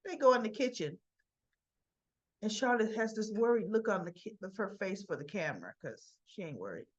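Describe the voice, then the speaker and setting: A woman's voice: mid-range voice, normal speed, lo-fi sound. Chatty woman recapping a soap. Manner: chatty, animated storytelling with asides. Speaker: soap opera recap vlogger. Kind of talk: casual recap of a TV episode.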